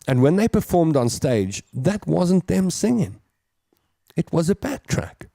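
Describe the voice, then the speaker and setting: A man's voice: fairly high pitch, sing-song, measured pace, gravelly, dark tone, no room sound, studio quality. Chatty man hosting a show. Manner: chatty, reads comments aloud and riffs on them. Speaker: radio show host reading listener comments. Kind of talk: casual chat.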